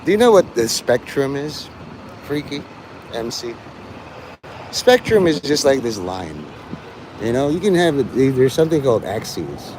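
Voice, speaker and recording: A man's voice: medium pitch, very animated, unhurried, pauses often, background noise. A man livestreaming, rambling and teasing his chat, breaking into mock-angry, swearing rants.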